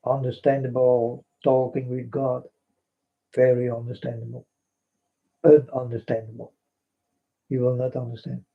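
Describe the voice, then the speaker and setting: Dutch-accented man, flat slow preacher-like vlogger, husky, dull lo-fi sound, repeats himself. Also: mid-range voice. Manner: repetitive, keeps addressing his folks, broken English. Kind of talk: rambling spiritual monologue. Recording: dull lo-fi recording.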